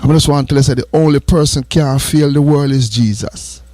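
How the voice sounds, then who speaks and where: A man's voice: fairly high pitch, moderate pace, dark tone, no room sound. A Jamaican man hosting a morning radio show, giving earnest, repetitive advice and drifting between patois and English. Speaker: radio host.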